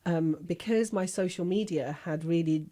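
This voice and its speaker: A woman's voice: fairly low pitch, moderate pace, dark tone. Frank, chatty middle-aged woman doctor. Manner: chatty, frank and humorous, recounting anecdotes with self-deprecating asides. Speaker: guest, family doctor. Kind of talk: conversational storytelling.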